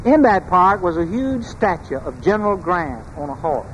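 A man with a high voice preaches a sermon, measured and emphatic, and he pauses on rhetorical questions. His words ring through a large church with a long reverb, over a faint background hum. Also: big pitch swings, a bit bright.

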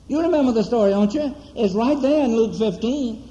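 A man preaching a sermon, telling a story with dramatic pauses and repeated rhetorical questions to the congregation. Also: very high-pitched, warm tone. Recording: dull, echoey church hall recording.

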